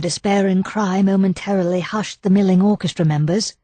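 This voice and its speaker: A woman narrating a cozy mystery audiobook in an even, measured storytelling style. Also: mid-range voice, dry recording. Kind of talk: scripted narration.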